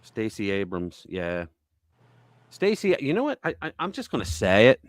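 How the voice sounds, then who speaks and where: A man hosting a casual political chat show, talking bluntly and crudely with lively storytelling. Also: lowish voice, normal speed, no echo. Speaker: show host.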